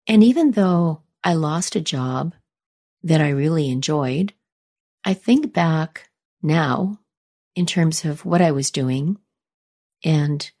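A middle-aged woman hosting a podcast, telling a personal story in a calm, earnest, encouraging way. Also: sits low. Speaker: podcast host.

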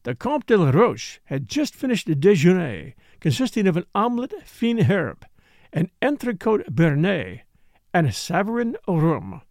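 A man reading a novel aloud as an audiobook narrator, with expressive storytelling. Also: high-pitched, normal speed, no room sound, studio quality. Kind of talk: scripted narration.

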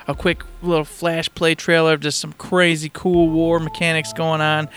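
Excitable male co-host, high voice, acts out voices and laughs a lot while spinning a tale. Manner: animated storytelling, acts out voices, laughs often. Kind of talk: casual chat.

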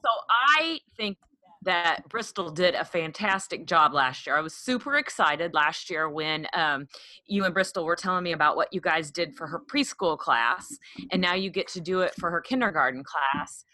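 A woman hosting a casual podcast chat, bubbly and excitable, teasing her guests. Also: lowish voice, moderate pace. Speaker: podcast host. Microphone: podcast microphone.

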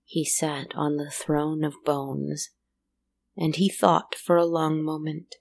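A woman narrating a fairy-tale-like story in a calm, slow, measured way, with a creaky voice. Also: low voice.

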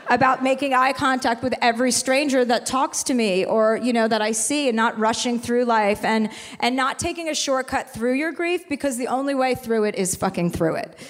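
A woman in her forties tells stories frankly, with a good deal of profanity. Her voice sits a little high, and a long reverb from a large hall trails after her words. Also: normal speed, hardly any pauses. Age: 40s. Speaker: author guest on stage. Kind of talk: candid live conversation.

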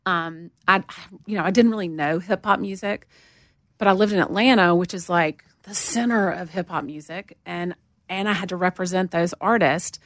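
A woman in her forties with a Southern US accent, telling lively stories as an interview guest. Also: moderate pace, dry recording, clean studio sound. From Montgomery, Alabama. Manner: animated storyteller, acts out quotes in a higher voice. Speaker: guest, music promotion veteran. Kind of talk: casual storytelling interview.

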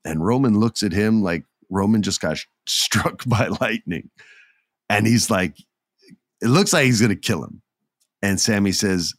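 A man tells a story in a casual, excitable way, jumping in to act out the scenes. His voice sits low. The recording is dry and close, with no room sound. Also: measured pace, no room sound. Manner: excitable, acts out scenes, many restarts. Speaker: wrestling recap commentator.

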